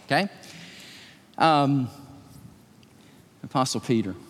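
A man's voice: fairly high pitch, in a large hall. A man preaching a sermon, telling stories animatedly and joking with his congregation. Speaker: pastor.

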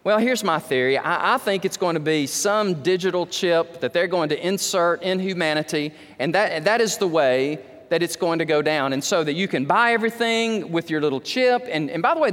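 A man preaching a sermon as pastor, animated, with wide swings in pitch and loudness. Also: normal speed, few pauses, long reverb tail.

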